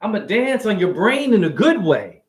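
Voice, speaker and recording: A man rambling excitedly and preachily through a livestream monologue from his apartment, jumping from idea to idea. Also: high-pitched, moderate pace. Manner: excitable, preachy, jumps between ideas. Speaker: self-styled spiritual teacher.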